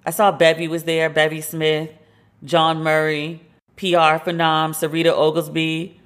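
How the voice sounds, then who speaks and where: A woman's voice: deep voice, completely flat delivery, unhurried. A woman hosting a casual solo podcast from her home loft, chatty and gushing, with a lot of filler "like". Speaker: podcast host.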